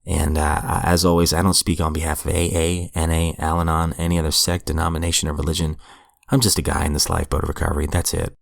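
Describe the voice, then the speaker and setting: A man with a low, rough, gravelly voice that sounds hoarse, talking as a podcast host in a plain, conversational way. He reads passages aloud, then reflects on them earnestly, and the sound is close and dry. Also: little pitch movement, fast, no echo. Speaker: podcast host reading recovery literature. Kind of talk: reflective solo podcast commentary.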